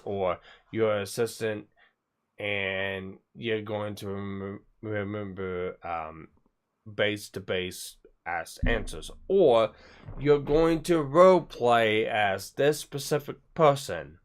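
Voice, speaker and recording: A man's voice: on the low side, slow, smooth. A man streaming live, chatting casually and rambling with frequent stammered restarts and the odd swear. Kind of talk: casual livestream chat.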